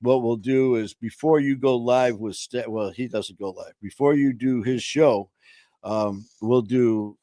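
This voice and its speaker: A man's voice: medium pitch, unhurried, mellow, no room sound, studio quality. A man hosting a streamed talk show, telling stories in a rambling, casual way with lots of fillers and some swearing. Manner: rambling, frequent fillers, laughs at own stories. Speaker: podcast host. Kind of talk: casual storytelling chat. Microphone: home streaming setup.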